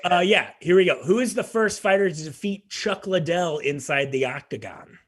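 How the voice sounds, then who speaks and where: A man's voice: on the high side, expressive, normal speed. A man hosting a casual podcast, easygoing as he reads out quiz questions. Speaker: podcast host running a quiz.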